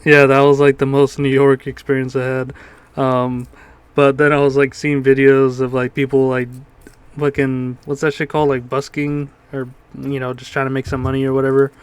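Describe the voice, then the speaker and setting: Guy on a podcast rambling through a story, lots of ums, smooth clean voice, mid pitch. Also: completely flat delivery, normal speed, no room sound. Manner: rambling storytelling with frequent fillers and laughs. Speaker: podcast co-host. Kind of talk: casual podcast chat.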